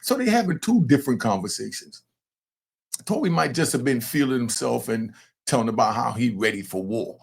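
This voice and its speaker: An older man and grandfather hosting a casual commentary show, animated and talking straight to his viewers. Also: mid-range voice, vocal fry, slightly rough. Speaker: commentator host.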